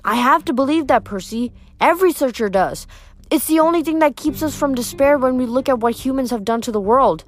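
Young male satyr, earnest, wistful, voiced lightly by a female reader; higher register. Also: lively intonation, a little fast. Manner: earnest, indignant about pollution.

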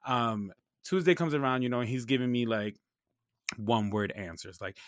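A young man tells a story in casual, slang-heavy, often profane speech, acting out both sides of each conversation with lively swings. His pitch sits in an ordinary middle range. The sound is dry and close, with no room around it. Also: moderate pace, no echo. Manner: animated, slangy and profane, acts out dialogue.

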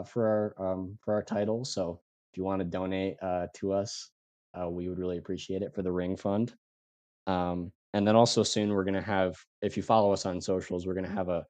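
Deep-voiced young man, hesitant. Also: a little mellow, dry recording. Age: young adult. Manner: hesitant, filler-heavy, earnest. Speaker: guest, student team captain. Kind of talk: casual podcast interview.

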